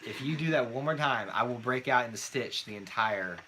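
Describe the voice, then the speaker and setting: A man's voice: medium pitch, brisk, bright, forceful tone, slight background noise. A man co-hosting a live trivia night, reading out scores and teasing his co-host in a casual chat.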